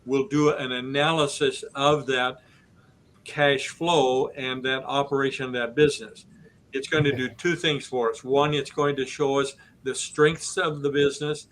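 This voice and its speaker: A man hosting a business podcast in a flat, unhurried tone. He walks through each step methodically and keeps his voice level throughout. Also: mid-range voice, slight background noise, rough recording. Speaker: host.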